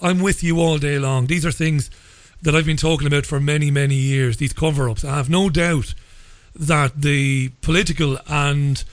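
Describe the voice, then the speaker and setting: A man hosting a radio interview, speaking in a measured, hesitant way with frequent stammers. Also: a little high, fairly even intonation, no room sound. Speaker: radio show host.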